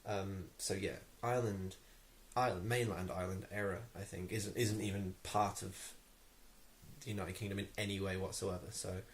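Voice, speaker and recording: This English vlogger, a young man, delivers an irritated, meandering rant to camera, full of ums and restarts. He speaks at a moderate pace in a low voice with fairly even intonation, over a slight hiss or hum.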